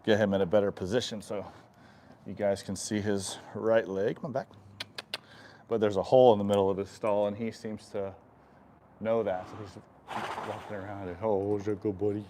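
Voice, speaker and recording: A man working as an equine chiropractor, explaining stretches on a live stream while softly soothing the horse and often clearing his throat. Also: on the low side, little pitch movement, normal speed, slight background noise. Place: horse stall in a stable.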